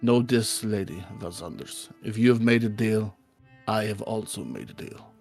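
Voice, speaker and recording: A man voicing a solemn, protective bodyguard in a tabletop game, speaking quietly. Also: fairly low pitch, moderate pace, creaky, faint music behind. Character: loyal, grave male bodyguard knight.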